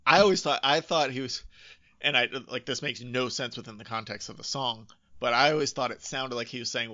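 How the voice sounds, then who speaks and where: A man co-hosting a podcast breaks down rap lyrics in a casual, animated chat, swearing freely. His mid-range voice is brisk, pushed, and bright, and the lo-fi recording has no echo.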